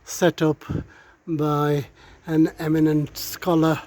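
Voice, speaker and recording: A middle-aged man talks to viewers while strolling outdoors through town, giving a breathless, hesitant tour packed with filler words. He speaks slowly in a fairly high voice with fairly even intonation, over faint traffic and street sounds.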